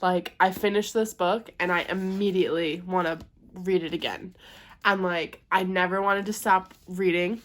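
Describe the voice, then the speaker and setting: A young woman chatting at home in a casual book vlog, gushing and excitable. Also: fairly low pitch. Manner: gushing and excitable, quick to squeal. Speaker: book vlogger.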